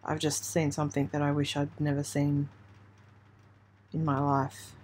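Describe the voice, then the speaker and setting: A woman from Australia hosting a true crime channel, giving halting, emotional live commentary on breaking news while trying not to cry. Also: low voice, monotone, a little mellow, slight background noise. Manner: halting, emotional, hesitant with restarts. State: near tears.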